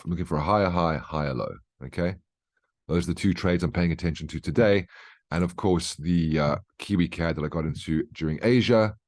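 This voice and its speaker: A man with a notably low voice talks through his trades as a chatty market briefing. He explains each step in an easygoing, conversational way and keeps checking in with short questions. The recording is dry and close, with almost no room sound. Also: a little mellow, dry recording. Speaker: trading educator. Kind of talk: market briefing over charts.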